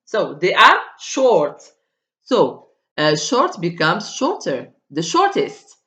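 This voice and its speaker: A woman's voice: mid-range voice, wildly swooping pitch, slow pace, pushed and bright. A woman teaching an English grammar lesson, speaking with many hesitations and fillers and drilling word forms aloud. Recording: dull, echoey room.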